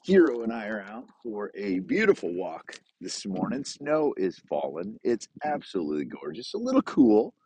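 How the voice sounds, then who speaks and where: A man's voice: lowish voice, big pitch swings, normal speed, few pauses, darkish tone, breathy edge, no echo, rough recording. A middle-aged man hosting a podcast while out on a snowy walk, upbeat and chatty with plenty of filler words, coming down with a cold. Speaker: podcast host and coach. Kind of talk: casual solo podcast monologue.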